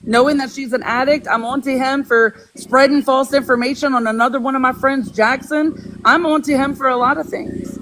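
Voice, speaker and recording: Livestream guest with a Boston accent, blunt and insistent, clear noise under the call. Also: high-pitched, fairly even intonation, moderate pace, bright, forceful tone, poor audio. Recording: audible background noise.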